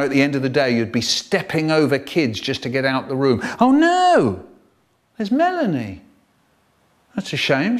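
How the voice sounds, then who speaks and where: A man performing a children's story aloud in an animated, theatrical way, with punchy sound effects. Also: mid-range voice.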